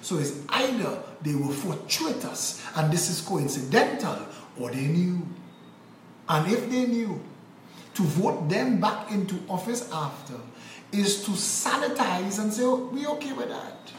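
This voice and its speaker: A man's voice: high-pitched, lively intonation, a little slow, reverberant, slight background noise, low-quality recording. A man with a Trinidadian accent, from Trinidad and Tobago, delivering an angry, emphatic political monologue with repeated rhetorical phrases. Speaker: political commentator.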